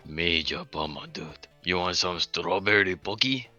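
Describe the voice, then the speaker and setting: A man's voice: sits low, unhurried, bright, forceful tone, lo-fi sound, faint music behind, full character voice. A man voicing a laid-back male surfer-dude creature who drawls slang. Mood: easygoing.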